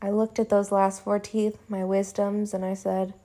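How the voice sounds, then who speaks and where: A young woman casually telling a personal story at home, animated and chatty, with frequent "like" and casual swearing. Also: mid-range voice, normal speed. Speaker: vlogger. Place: home room.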